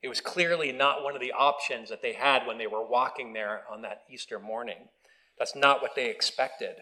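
A man preaching a relaxed, conversational sermon on video. He talks at a middle pitch, mixes in wry asides, and often restarts his sentences. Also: normal speed, rough recording. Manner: conversational, self-deprecating, with restarts. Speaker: pastor. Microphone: video recording.

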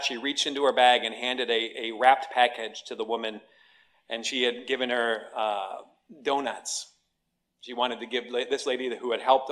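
A man's voice: mid-range voice, fairly bright tone. Conversational male pastor preaching. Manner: conversational preaching with restarts and emphatic storytelling. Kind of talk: sermon.

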